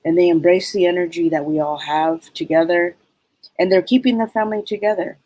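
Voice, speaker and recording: Halting, rambling woman medium, low voice. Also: fairly even intonation, warm tone, poor audio. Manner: rambling, halting, many fillers. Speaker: psychic medium. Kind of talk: live spirit reading.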